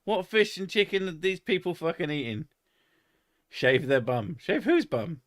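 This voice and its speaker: A man's voice: fairly high pitch, lively intonation, normal speed, fairly bright tone, no room sound, studio quality. A man streaming and chatting casually, joking crudely and swearing often. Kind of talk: casual chat.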